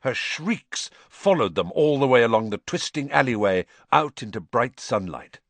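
A man reading an audiobook in an animated storytelling manner. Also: lowish voice, dry recording. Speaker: audiobook narrator. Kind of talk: scripted narration.

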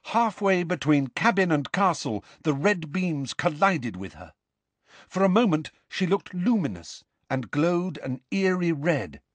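A man narrating a storybook in an expressive, dramatic reading style. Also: a little high, measured pace, no echo. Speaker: audiobook narrator.

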